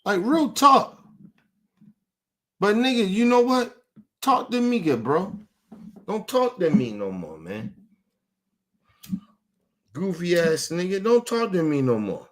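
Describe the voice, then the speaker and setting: A man's voice: high-pitched, very animated, slow pace, pauses often, fairly bright tone. Angry man ranting in street slang. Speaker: podcast host. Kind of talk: heated rant to camera.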